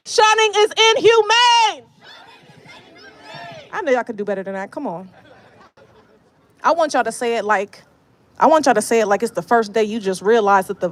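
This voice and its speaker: A woman giving a fiery rally speech outdoors at a protest, leading the crowd in call-and-response chants. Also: on the high side. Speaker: protest speaker. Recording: faint outdoor noise.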